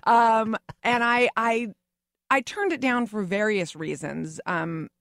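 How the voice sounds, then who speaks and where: A woman's voice: fairly high pitch, slow pace, fairly bright tone, no echo. A woman guest chatting casually and wryly in a radio booth, close to a studio microphone. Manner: wry, self-deprecating. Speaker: guest, game show host.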